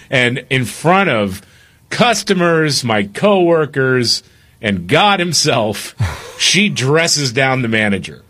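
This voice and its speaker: A man co-hosting a podcast, telling stories in a casual, animated way and laughing as he talks. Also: medium pitch, slow. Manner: animated storyteller, laughs while talking. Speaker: podcast co-host. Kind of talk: casual chat and storytelling.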